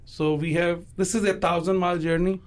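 Middle-aged male CEO guest, studio interview, pitch on the higher side, careful and halting. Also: flat delivery. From Pakistan. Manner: measured, halting speech with many "uh" fillers. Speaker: pharmaceutical company CEO guest.

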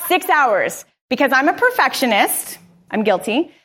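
Upbeat woman presenter, slightly high pitch, candid conversational delivery. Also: big pitch swings, a little slow, fairly bright tone, slightly rough. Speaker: podcaster giving a conference presentation. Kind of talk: live conference talk.

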